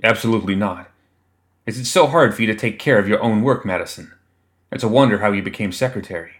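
A man's voice: lowish voice, quick pace, close to an everyday voice. A man voicing a short-tempered governor general who snaps, growls and barks his orders in an audiobook reading. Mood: snapping. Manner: snapping, growling, barking orders. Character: angry blustering male governor general, bureaucrat. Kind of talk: audiobook character voice.

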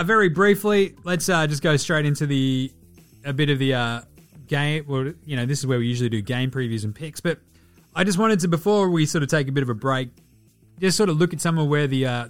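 A man's voice: on the high side, moderate pace, a bit bright, dry recording, faint music behind. A man with an Australian accent hosting a casual sports podcast, rambling, joking and swearing freely. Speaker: podcast host.

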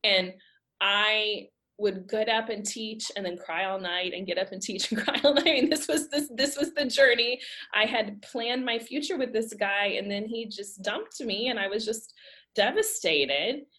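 A woman in her thirties from the United States, telling a personal faith story in a lively, emphatic way with frequent laughter. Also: mid-range voice, unhurried. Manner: animated, laughing often, emphatic. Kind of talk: casual storytelling.

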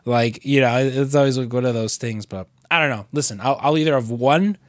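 A podcast co-host who is sick with a cold rambles through casual chat, full of restarts, fillers and swearing. His medium-pitched voice moves fairly quickly, in studio-quality audio with no room sound.

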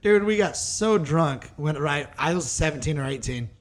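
A man's voice: a little high, lively intonation, normal speed. A young man co-hosting a podcast, telling stories in a profane, casual way and saying "dude" often. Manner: profane, storytelling, says "dude" a lot. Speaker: podcast co-host. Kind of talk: casual chat.

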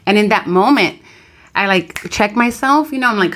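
A woman in her thirties, a mother of three, co-hosting a podcast and telling frank, lively stories while switching between English and Spanish. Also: mid-range voice, moderate pace. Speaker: podcast co-host. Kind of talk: casual chat.

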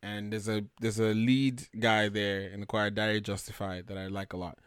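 A young man from Nigeria with a Nigerian accent, telling stories in a lively, joking way as a podcast co-host. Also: fairly low pitch, moderate pace, clear, resonant tone, dry recording, studio quality. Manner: animated, jokey, acts out quotes. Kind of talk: casual chat, storytelling.

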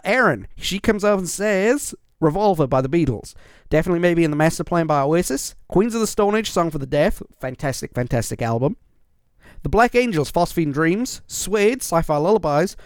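A man's voice: fairly high pitch, clean tone, dry recording. Upbeat male podcast host, dry sound. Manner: reads out listener lists with upbeat asides. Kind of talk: casual solo podcast chat.

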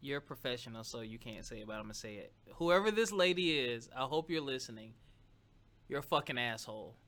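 A woman's voice: very deep voice, expressive, fairly quick, fairly bright tone. A woman hosting a conversation, reacting bluntly and with outrage to her guest's story. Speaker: host.

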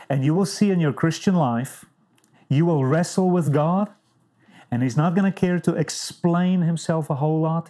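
Slow, emphatic woman preaching, mellow tone. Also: sits low. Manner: emphatic, clipped one-word commands. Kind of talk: sermon.

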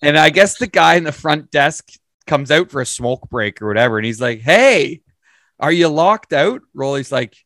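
A man telling a long, profane story in a casual, animated way. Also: medium pitch, brisk, no room sound.

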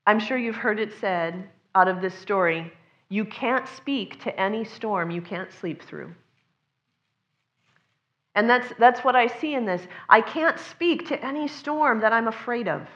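A woman's voice: on the high side, measured pace, a bit bright, dull audio. A woman preaching a sermon in an earnest, conversational way, sometimes acting out the voices of the people she quotes.

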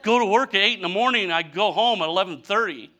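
Bright, high-voiced preacher man in his fifties. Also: fast. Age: 50s. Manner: animated, mock-whining storytelling with a folksy drawl. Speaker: pastor. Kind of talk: humorous sermon.

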